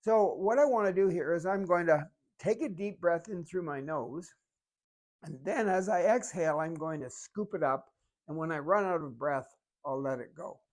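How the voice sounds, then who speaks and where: A fitness instructor giving calm, step-by-step exercise coaching while demonstrating the moves. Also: medium pitch, moderate pace.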